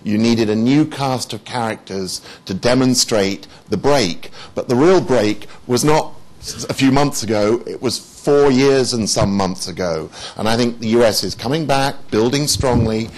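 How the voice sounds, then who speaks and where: A man's voice: medium pitch, a little slow. A man speaking as a panelist in a policy discussion, fluent and confident.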